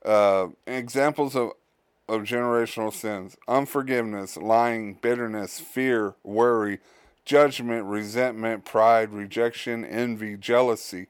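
Slow, smooth-voiced man podcasting. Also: on the low side, steady tone, no room sound, clean studio sound. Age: adult, a father. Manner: halting, many fillers and restarts. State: tired, yawning. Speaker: podcast host. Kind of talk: casual solo podcast monologue.

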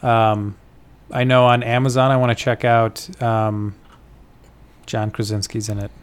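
A man's voice: mid-range voice, little pitch movement, measured pace, smooth. A man chatting with friends on a podcast, rambling through film talk with frequent "like" and casual swearing. His voice sits in an ordinary middle register. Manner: loose and profane, lots of "like". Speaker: podcast co-host. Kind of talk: casual chat.

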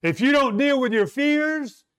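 A man preaching a sermon, slow and emphatic, asking rhetorical questions and leaning on dramatic pauses. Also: extremely high pitch, a bit bright.

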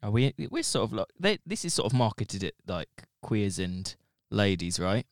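Playful podcast co-host, lively low voice. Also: male voice, normal speed, no room sound, studio quality. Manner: playful, jokey. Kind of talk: casual chat.

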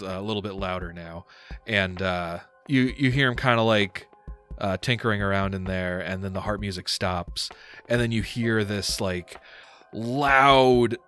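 A man's voice: fairly low pitch, fairly bright tone. A man narrating as game master of a tabletop game, casually and with many fillers.

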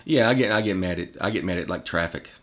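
A middle-aged man as podcast guest, telling stories in an animated, profane casual chat. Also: sits low, fast talker.

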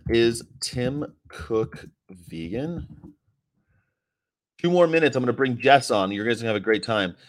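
Male streamer host, mid-pitched, chatty and profane, off the cuff. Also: lively intonation, a little fast. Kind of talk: casual livestream chat.

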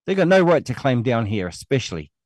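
A man's voice: medium pitch, very animated, quick pace, darkish tone, breathy edge, no echo, studio quality. A middle-aged man with a New Zealand accent hosts an online show, ranting angrily and scornfully with a lot of swearing. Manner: angry, scornful, profane ranting. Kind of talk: ranting monologue.

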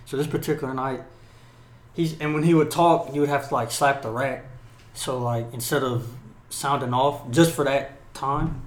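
A young man co-hosting a podcast, telling profane, animated stories in casual chat and acting out yelling drill instructors. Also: mid-range voice, moderate pace, reverberant. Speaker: podcast co-host.

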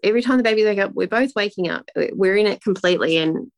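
A woman in her thirties talks through a personal story, circling back and restarting as she goes. Her voice has a gravelly edge. The sound is dry and close. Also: medium pitch, quick pace, no room sound. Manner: rambling, emotional storytelling with many restarts. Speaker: guest. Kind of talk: casual interview talk.

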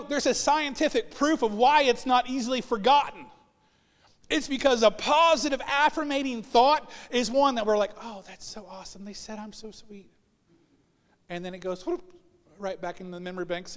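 High-voiced preaching man in echoing hall. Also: brisk. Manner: animated storytelling, acting out quoted voices. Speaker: pastor. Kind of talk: sermon. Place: church sanctuary.

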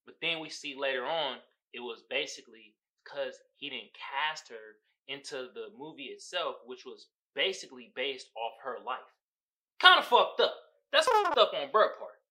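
A young Bay Area man hosts a podcast, ranting about a movie in slangy, profane talk and laughing a lot. His mid-range voice swings widely in pitch at a moderate pace, sounding pushed and bright. The recording quality is low.

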